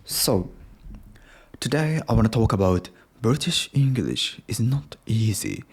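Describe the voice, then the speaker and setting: A man's voice: fairly low pitch, expressive, unhurried, creaky, husky. A young Japanese man with a Japanese accent, hosting a casual solo podcast in English, hesitant and full of restarts. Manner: hesitant, many restarts and self-corrections. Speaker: podcast host.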